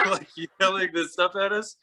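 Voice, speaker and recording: A man from Utah telling a family story in a casual, animated way, laughing and filling with "like". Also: sits high, a little slow, heavy background noise. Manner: animated, laughing, lots of "like" fillers.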